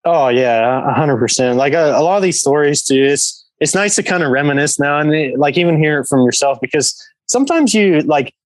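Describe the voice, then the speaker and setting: A man's voice: a little high, animated, brisk, hardly any pauses, dry recording, low-quality recording. A man from England, a professional hockey player guesting on a podcast, telling a story in a rambling way full of fillers. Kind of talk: casual storytelling.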